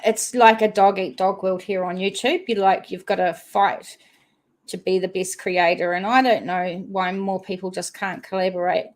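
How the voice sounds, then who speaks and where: Her medium pitch barely moves, and she talks at a normal speed. This New Zealand-accented woman hosts a casual livestream, reading aloud the comments viewers send in.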